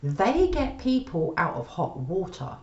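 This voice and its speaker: A woman's voice: lowish voice, very animated, unhurried, darkish tone. A woman giving a tarot reading aloud, exclaiming and repeating questions as she turns cards. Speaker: tarot reader. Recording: dull, echoey room with faint noise.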